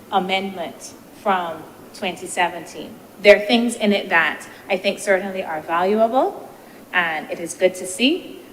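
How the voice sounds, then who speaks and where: A woman senator giving a measured, deliberative parliamentary speech, posing rhetorical questions, into a desk microphone in a legislative chamber. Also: mid-range voice. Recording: reverberant chamber with faint noise.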